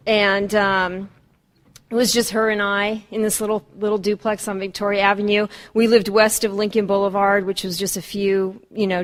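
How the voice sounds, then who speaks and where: A woman in her fifties from Southern California tells her life story at a recovery meeting, hesitant and full of ums, with wry humor. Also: mid-range voice. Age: 50s. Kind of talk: personal storytelling talk.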